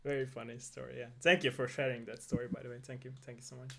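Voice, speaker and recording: A man's voice: mid-range voice, little pitch movement, quick pace, gravelly, a bit bright. Hesitant man host asking questions. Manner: hesitant, many fillers, repeats agreement words. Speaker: interview host. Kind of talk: casual interview questions.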